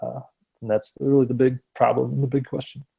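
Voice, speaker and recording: A man's voice: medium pitch, flat delivery, a little fast, vocal fry, dark tone, breathy edge. A man co-hosting a podcast, talking in a laid-back, thoughtful way with fillers and easy laughs. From Wisconsin. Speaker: podcast co-host. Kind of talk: casual chat.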